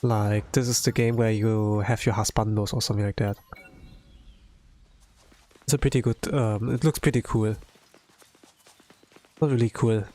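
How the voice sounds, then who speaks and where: A man's voice: fairly low pitch, normal speed, long pauses. Rambling man commenting on gameplay. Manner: rambling, full of "like" fillers, excitable bursts. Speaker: streamer.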